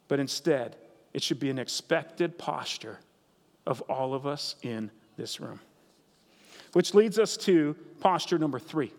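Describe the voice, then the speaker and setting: A man's voice: mid-range voice, expressive, a little slow. A man preaching a sermon as pastor, earnest and conversational, repeating key phrases for emphasis. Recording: reverberant hall sound.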